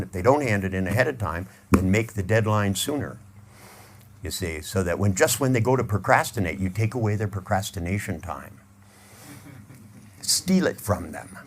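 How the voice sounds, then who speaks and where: A middle-aged man giving a humorous motivational talk to a live audience, joking and acting out little scenes as he tells stories. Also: deep voice. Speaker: seminar speaker.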